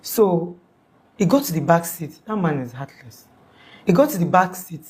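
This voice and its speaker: A young Nigerian woman recounting an event in casual conversation, animated and acting out what people said. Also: fairly low pitch, moderate pace. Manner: animated, acts out quoted speech, many restarts. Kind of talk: conversational storytelling.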